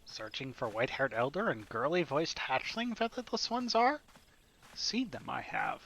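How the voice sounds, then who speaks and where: A man's voice: mid-range voice, very animated, moderate pace, creaky, a bit bright, exaggerated voice. A man voicing a sly, cringing male birdman scout who speaks with backwards word order. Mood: wheedling.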